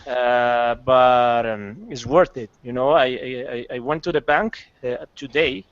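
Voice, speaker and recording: A man with a Colombian Spanish accent calling into a coaching call, speaking eagerly and haltingly in English. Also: clear, resonant tone, no room sound. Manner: enthusiastic, halting, says "boom" a lot. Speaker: caller. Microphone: video call. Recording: dry, dull lo-fi call audio.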